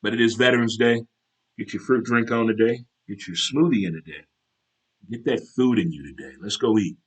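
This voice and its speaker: A man hosting his own casual talk show, animated and chatty, breaking into military cadence chants. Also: on the low side, brisk, slightly rough. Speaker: show host.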